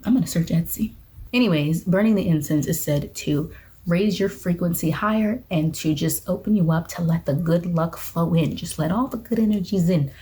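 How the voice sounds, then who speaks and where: This young woman, a witchcraft vlogger, chats to her camera in a relaxed talking-head style at a normal speed. Her mellow voice sits a bit low, and she laughs off her mistakes with self-deprecating humor.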